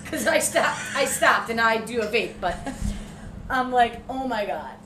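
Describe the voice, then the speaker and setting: A middle-aged woman co-hosting a podcast and telling a story in casual chat, expressive and quick to laugh. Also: fairly high pitch. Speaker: podcast co-host. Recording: echoey room, distant mic, noisy background.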